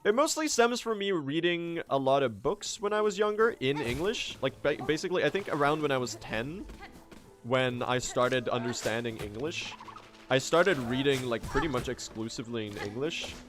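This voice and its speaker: This streamer is a Swede with an American-sounding accent, chatting with viewers and answering their questions during a speedrun, with the odd swear word. He speaks at normal speed in an expressive, mid-range voice with a fairly bright tone.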